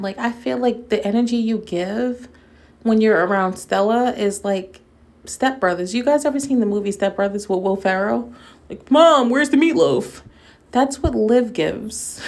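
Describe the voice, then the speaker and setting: A commentary YouTuber hosts a casual video, speaking directly to her audience as if they were friends. Her mid-range voice has a darkish tone and a moderate pace, and she laughs often with a sarcastic, mocking edge.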